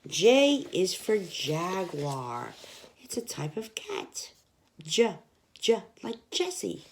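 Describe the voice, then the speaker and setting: A woman's voice: on the low side, a little hiss or hum. A young woman teaching children, reading an alphabet picture book aloud and sounding out each letter. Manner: slow, sounding out letters, lively sing-song.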